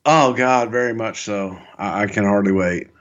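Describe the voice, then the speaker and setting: A man co-hosting a podcast in casual banter, gruff and joking, swearing freely. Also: lowish voice, moderate pace, highs cut off. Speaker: podcast co-host.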